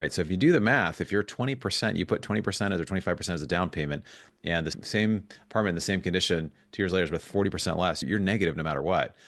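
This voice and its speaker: A man speaking as a guest in a podcast interview, telling stories in an animated way with frequent restarts. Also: deep voice, dry recording, clean studio sound. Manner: fast, animated storytelling with restarts. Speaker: guest investor.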